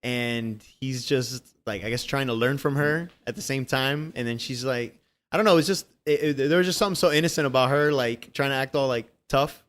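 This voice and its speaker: A man co-hosting a casual film review chat, relaxed and quick to laugh, swearing casually and acting out bits he remembers. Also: medium pitch. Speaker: podcast co-host.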